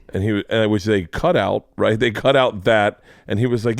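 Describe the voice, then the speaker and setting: A man in his forties, a podcast host, telling a story in casual chat and acting out the quotes with lively energy. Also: fairly low pitch, brisk, few pauses, no echo, studio quality. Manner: animated storyteller who acts out quotes.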